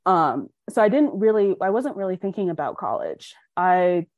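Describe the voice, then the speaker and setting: This muffled recording captures a lowish-voiced young woman from Colorado talking at a moderate pace with no room sound. As a podcast guest, she tells her life story openly and energetically, voicing the people in it.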